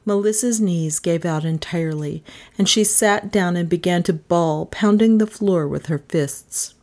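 A woman narrating a novel in an expressive, animated storybook reading. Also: fairly low pitch, unhurried. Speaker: audiobook narrator.

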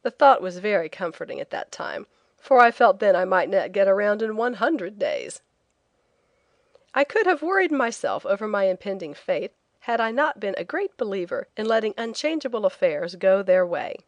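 A woman reading a travel memoir as an audiobook narrator, telling it in a clear, lively way. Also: mid-range voice, moderate pace, dry recording, muffled recording.

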